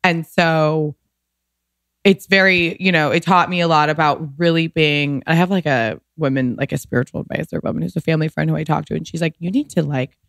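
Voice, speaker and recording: A woman's voice: sits low, fairly even intonation, fairly quick, vocal fry, a bit bright, no echo, clean studio sound. A woman in her thirties, a podcast guest, telling a personal story candidly, emotional and rambling, saying "like" often. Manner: emotional, rambling, heavy use of "like".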